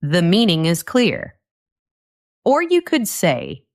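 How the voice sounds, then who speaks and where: Slow, lively woman teaching English. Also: fairly low pitch. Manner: short, simple sentences with repeated key phrases. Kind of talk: scripted lesson narration.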